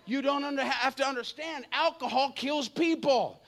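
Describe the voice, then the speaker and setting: High-voiced, rowdy comic preacher man. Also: normal speed. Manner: animated, jokey, acts out voices, shouts at times. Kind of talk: energetic comedic sermon.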